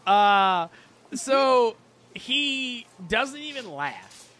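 A man narrating as game master of a comedy tabletop game, joking quickly and voicing side characters. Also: extremely high pitch, sing-song, pushed and bright.

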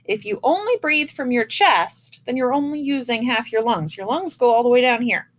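A woman's voice: fairly high pitch, lively intonation, moderate pace. A woman teaching an online music lesson to children. She speaks patiently and demonstrates breaths as she goes. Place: indoors, seated in a chair. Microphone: camera in front of her.

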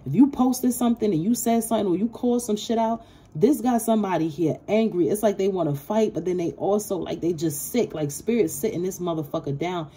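A woman's voice: mid-range voice, brisk, dark tone, breathy edge. A woman giving a casual tarot reading, blunt, profane and streetwise, speaking straight to her viewers. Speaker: tarot reader. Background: card shuffling.

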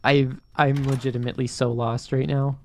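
A man's voice: medium pitch, level tone, moderate pace, slight background noise. A young man giving frustrated, exasperated commentary while playing a game, with repeated outbursts and complaints. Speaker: gaming streamer. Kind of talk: raging gameplay commentary.

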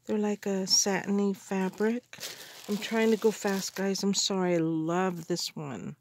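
A woman in a casual craft haul video, gushing with excited gasps and exclamations over the supplies she unpacks. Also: mid-range voice, measured pace, slight background noise. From Canada. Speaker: crafter unboxing mail.

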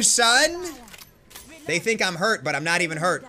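A young man streaming a shooter game, trash-talking opponents and cheering his own plays with brash, excited commentary. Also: high voice, moderate pace. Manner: brash trash talk with excited yelps and laughs. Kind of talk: live gameplay commentary. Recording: noisy game audio behind voice. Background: gunfire from the game.

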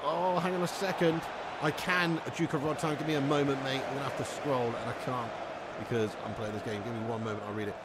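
This English gamer streams over a loud, very noisy crowd, his medium-pitched voice steady and quick. Chatty and full of slang, he laughs frequently and reads the chat aloud.

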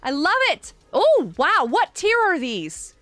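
Bubbly lady streamer chatting w her viewers, high bright voice that bounces all over, dry close sound. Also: huge pitch swings, takes it slowly, dry recording, soft background music. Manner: bubbly, gushing, greets chatters by name. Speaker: streamer hosting a game night. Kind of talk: live game stream chat with viewers.

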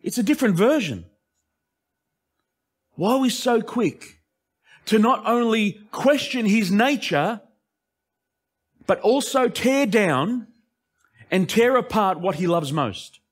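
A male pastor preaching an impassioned sermon that swings between emphatic lines and hushed asides. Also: sits high, animated, takes it slowly, long pauses, husky.

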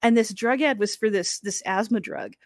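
A woman co-hosting a podcast, telling stories in a casual, animated way, swearing freely and mimicking voices. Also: fairly high pitch, moderate pace, dry recording, clean studio sound. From United States. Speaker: podcast co-host. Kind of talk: casual chat.

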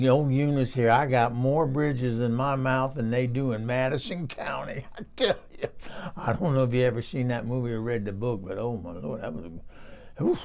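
Guy doing a chatty old woman from a trailer, raspy and gravelly, rambles on and on. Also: medium pitch, a little mellow, natural voice. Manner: rambling, exclamatory, gossipy. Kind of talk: comic character monologue.

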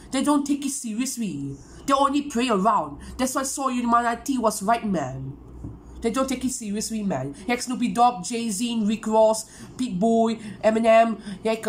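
A woman's voice: on the high side, darkish tone, a little hiss or hum. A woman hosting a music reaction video, ranting casually and tagging phrases with "man" or "bro".

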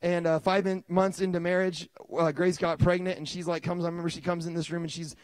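A man in his thirties preaching a sermon as pastor, telling stories with lively restarts and bursts of excitement. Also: sits high, fast, no echo. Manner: animated storytelling with many restarts.

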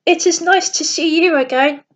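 A woman voicing a kind, gentle male teacher in a bedtime story, soothing and loving in manner. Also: very high-pitched, normal speed. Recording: dull lo-fi recording.

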